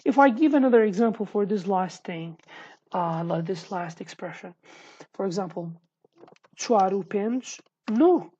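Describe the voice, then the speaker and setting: Woman teaching in halting English. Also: mid-range voice, animated, warm tone, lo-fi sound, a little hiss or hum. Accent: Sulaymaniyah Kurdish. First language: Kurdish. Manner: halting, many restarts, repeats example phrases slowly. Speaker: language teacher. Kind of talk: online language lesson.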